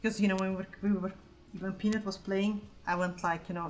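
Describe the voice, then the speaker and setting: A woman's voice: mid-range voice, steady tone, brisk, rough recording. A woman in her forties chatting casually on an art stream while she paints. She rambles and swears freely.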